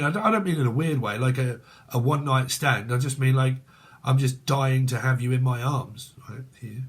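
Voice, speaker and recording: A man giving a casual tarot reading, rambling and joking crudely with frequent laughter. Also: mid-range voice. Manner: rambling, chatty. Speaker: tarot reader.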